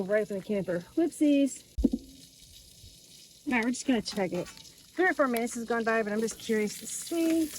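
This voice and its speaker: Casual cooking vlogger, a woman with a fairly high voice, talking through each step outdoors. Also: a little hiss or hum, low-quality recording. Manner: chatty, thinking aloud while cooking. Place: outdoors by a camper.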